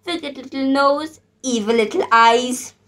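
A woman's voice: high-pitched, a little slow, fairly bright tone. A woman voicing a cheeky, jealous little girl witch in a children's storybook, in a sulky, cheeky manner.

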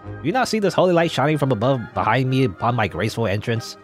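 A man's voice: mid-range voice, big pitch swings, fast, faint music behind, natural voice. A man voicing a smug, chatty male guardian angel in a game, breezy and teasing. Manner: breezy, teasing, self-satisfied.

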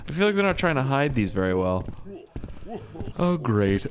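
Animated young man's gameplay commentary. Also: medium pitch, moderate pace. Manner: rambling, joking and swearing, talking to himself. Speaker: gaming YouTuber. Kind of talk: let's play commentary.

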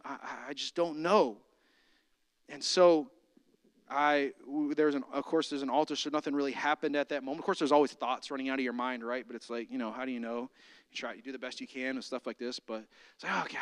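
A man preaching a sermon, telling a personal story in a conversational way with many fillers and restarts, then building to forceful preaching. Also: on the high side, clean tone, dry recording.

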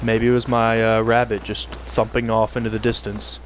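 A man giving joking let's-play commentary, partly in character, often laughing and yelling at enemies. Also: lowish voice, level tone, normal speed, slight background noise. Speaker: gaming video creator.

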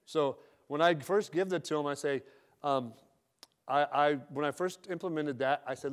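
A man's voice: a little high, normal speed, clean tone. A man speaking as a sales manager at a company retreat, giving a direct, joking, casual motivational talk.

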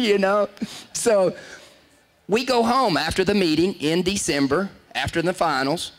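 A man's voice: sits high, moderate pace, fairly bright tone. Rambling man telling stories. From Texas. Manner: rambling, self-interrupting, laughs at own stories. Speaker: show host. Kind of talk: casual storytelling.

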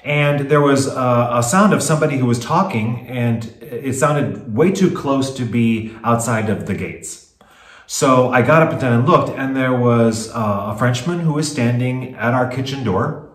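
Man, mid pitch, steady detailed storyteller, roomy echo. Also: unhurried. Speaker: co-host, chateau owner. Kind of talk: casual chat. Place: home in a French chateau.

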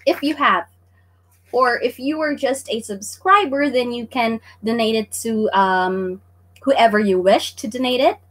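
A woman's voice: fairly high pitch, a little slow. A woman hosting a livestream Japanese lesson, bubbly and laughing often as she greets viewers by name. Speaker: online Japanese teacher.

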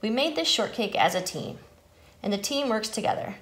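A woman's voice: medium pitch, very animated, moderate pace, a bit bright, roomy sound. A cheerful, bossy storybook rooster who crows and leans on every word, as a woman reading aloud plays him. His voice swings widely up and down. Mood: emphatic. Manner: emphatic, crowing. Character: bossy cheerful rooster leading a kitchen team.

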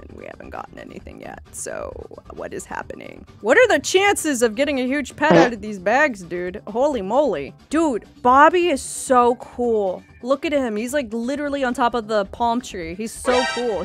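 An excitable woman chatting through a video game session, her voice sitting a little high. She gasps and turns playfully dramatic as she goes, with faint music playing underneath. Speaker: gaming YouTuber. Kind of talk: casual gameplay commentary.

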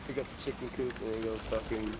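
A man's voice: on the low side, little pitch movement, fast talker, heavy background noise. A man asking blunt, swearing questions while playing an online game with friends. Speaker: player. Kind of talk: casual gaming chat. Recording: loud game sounds behind the voice.

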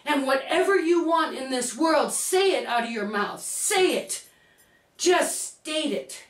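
A woman giving an emphatic, repetitive motivational pep talk, breaking into shouts. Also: high-pitched, lively intonation, takes it slowly. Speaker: motivational speaker. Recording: echoey room, distant mic.

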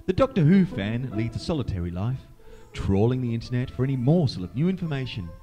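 A man narrating in a measured, mock nature-documentary style. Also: mid-range voice, sing-song, mellow, soft background music.

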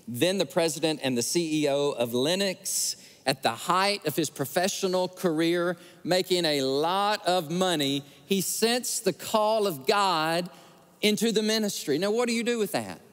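Pastor preaching, acts out the quotes as he tells stories, voice a bit high, echoing through a big sanctuary. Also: moderate pace. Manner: animated storytelling, acting out quotes. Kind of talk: sermon. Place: large church sanctuary. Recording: church sanctuary with long reverb.

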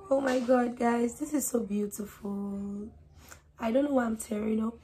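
A woman hosting a reaction video, chatting casually and getting emotional, with soft laughs between her remarks. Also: a little high, normal speed. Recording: faint background noise.

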